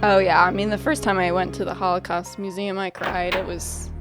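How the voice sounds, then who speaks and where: A woman's voice: fairly low pitch, little pitch movement, brisk, over music. A woman streaming a game live, chatting casually with her viewers and calling herself very emotional. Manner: chatty, self-described emotional, talks to chat. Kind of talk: casual live-stream chat while gaming.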